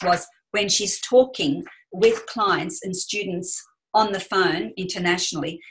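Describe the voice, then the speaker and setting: A woman's voice: on the low side, a bit bright, low-quality recording. A woman business coach adding a client example to a seminar in a supportive way. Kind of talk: seminar teaching.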